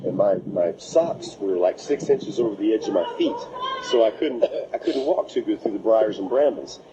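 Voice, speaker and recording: Guy telling his story all animated, doing voices, lowish pitch, muffled tape with loud noise behind. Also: moderate pace. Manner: acts out quotes with voices and sound effects. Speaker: interviewee recounting a plane crash. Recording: muffled recording with steady background noise.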